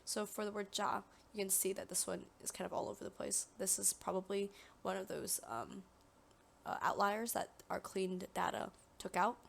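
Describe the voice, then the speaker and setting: A young woman talks through a software tutorial one step at a time, dropping in plenty of "um"s as she goes. Her voice has a gravelly, creaky edge. There is a faint hiss of noise behind her. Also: mid-range voice, moderate pace. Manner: step-by-step instructions with frequent "um" fillers. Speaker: tutorial presenter. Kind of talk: screen-recorded software tutorial.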